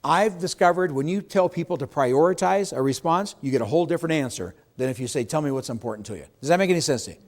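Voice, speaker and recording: Middle-aged male trainer, fairly high voice, emphatic seminar delivery to a live room. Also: lively intonation, fast, few pauses. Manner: emphatic, asks the audience questions, acts out client quotes. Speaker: real estate sales trainer. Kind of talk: seminar talk to a live audience.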